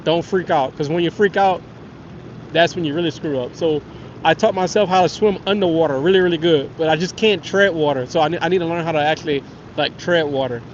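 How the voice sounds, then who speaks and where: A man tells stories on a live fishing stream from his kayak. His voice sits a little high, and he laughs often as he rambles and answers chat. The audio is dull and lo-fi, with faint outdoor noise underneath. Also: fast talker. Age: 30s. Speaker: fishing livestream host. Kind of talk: casual storytelling livestream.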